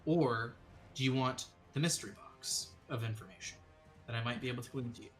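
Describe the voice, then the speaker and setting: A man acting as dungeon master, describing a scene and laying out choices for the players in a measured storytelling manner. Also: mid-range voice, faint music behind. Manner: descriptive, measured storytelling with sudden quick asides. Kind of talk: narrating a tabletop game.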